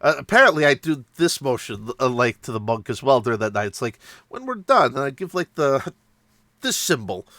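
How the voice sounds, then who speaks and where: Brief: a man recapping a game night in a loose, self-mocking way, bright timbre, dead-dry mic. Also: medium pitch, expressive, brisk, dry recording. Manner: rambling, self-mocking, laughs while telling. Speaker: tabletop game player recounting a session. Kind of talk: casual storytelling.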